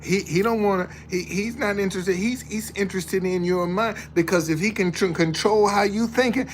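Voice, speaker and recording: A man's voice: high voice, moderate pace, few pauses, slight background noise. A man giving a motivational talk indoors in a preachy way, repeating his key lines for emphasis. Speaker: motivational speaker. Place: indoors, a hot room.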